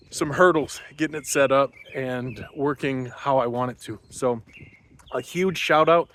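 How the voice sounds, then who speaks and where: A man's voice: medium pitch, fairly bright tone, a little hiss or hum. A man hosting a podcast, giving a casual, rambling spoken intro outdoors on a morning walk, a little out of breath. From Wisconsin. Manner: loose, rambling, many fillers. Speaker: podcast host.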